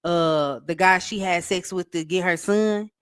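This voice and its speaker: A woman's voice: on the low side, measured pace, clear, resonant tone. A woman co-hosting a casual reality TV recap, laid-back and candid with her opinions. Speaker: co-host.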